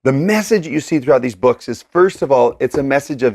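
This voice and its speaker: Brief: male co-host, mid pitch with some gravel, animated, plays out each verse in little voices. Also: fairly quick, hardly any pauses. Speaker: co-host of a scripture study show. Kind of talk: casual scripture discussion. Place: indoors with a board.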